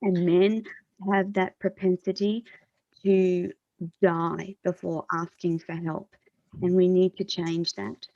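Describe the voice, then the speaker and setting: A woman hosting an interview show, speaking in an earnest, encouraging, measured way. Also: lowish voice, little pitch movement, warm tone, no echo. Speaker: host. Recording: dull, dry lo-fi sound.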